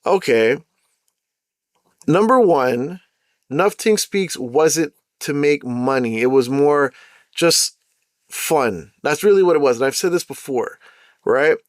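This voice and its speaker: A man's voice: on the high side, animated, slow, pauses often, no room sound, studio quality. A man hosting his own podcast, ranting in a heated, indignant way with slangy rhetorical questions. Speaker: podcast host. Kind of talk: ranting solo podcast monologue.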